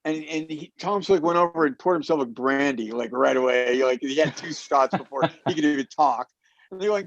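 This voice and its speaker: A lively storytelling man with a slightly higher voice than most, who slips into the voices of the people in his tale. The sound is dry and dull, with no room around it and little top end. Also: normal speed, dry recording. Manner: animated storyteller who acts out quotes. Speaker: roundtable guest. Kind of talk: casual storytelling.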